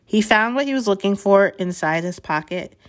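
A woman reading a novel chapter aloud in a measured way, with small slips and restarts. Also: medium pitch, expressive. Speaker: reader.

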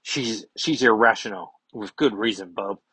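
Read as a man doing a blunt, gruff mutant brawler: keep it low, husky and curt. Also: a little slow, bright, forceful tone, dry recording, exaggerated voice, poor audio. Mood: grim. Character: gruff blunt adult male mutant fighter.

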